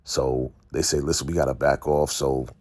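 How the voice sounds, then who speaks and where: A man giving a casual recap of a TV episode, retelling scenes in an animated way and briefly acting out characters' lines. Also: rumbling low, moderate pace, no echo, studio quality. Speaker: TV recap host.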